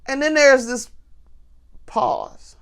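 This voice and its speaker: A woman tells a story straight to her viewers in a high voice. Her pitch leaps and dips as she animates each moment. She laughs easily as she goes. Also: wildly swooping pitch, extremely slow, vocal fry, clear, resonant tone. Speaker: vlogger. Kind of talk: casual storytelling to camera.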